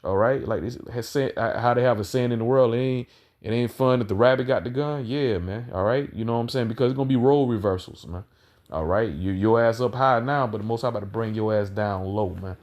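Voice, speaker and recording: A man preaching a combative sermon, reading scripture slowly and then ranting in loose, profane street talk, often tagging lines with "man" and "all right". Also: medium pitch. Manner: reads verses slowly and loudly, then rants quickly.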